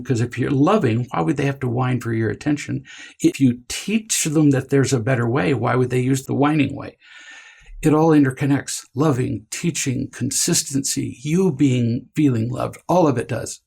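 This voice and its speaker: A man giving a deliberate, emphatic lecture to parents, now and then mimicking a whiny child. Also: mid-range voice, creaky, a little mellow, slightly rough. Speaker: parenting teacher.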